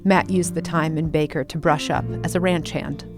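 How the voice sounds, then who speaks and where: A woman with a low voice narrates a documentary story from a studio mic in a measured, deliberate way. Soft music plays faintly behind her. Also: steady tone. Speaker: podcast host and narrator.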